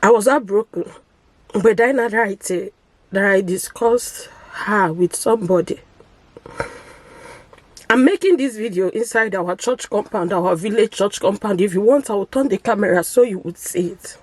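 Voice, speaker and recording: A woman's voice: mid-range voice, normal speed, no echo, rough recording. A Nigerian woman vlogger, crying as she makes a pleading, wounded confession to camera in a village church compound. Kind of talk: emotional personal confession to camera.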